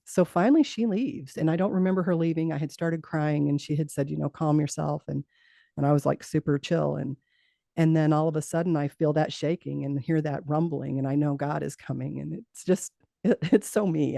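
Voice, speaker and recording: A woman's voice: sits low, steady tone, normal speed, vocal fry, dark tone, no room sound, studio quality. A middle-aged woman, a guest in an interview, telling a personal story earnestly, laughing now and then and restarting her sentences.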